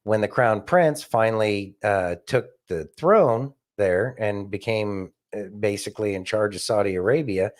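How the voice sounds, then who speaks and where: A man with a fairly low voice talks casually on a podcast. He is thoughtful and hesitant, and he fills his pauses as he works out what he means. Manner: thoughtful, hesitant, many fillers. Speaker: podcast co-host. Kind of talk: casual chat.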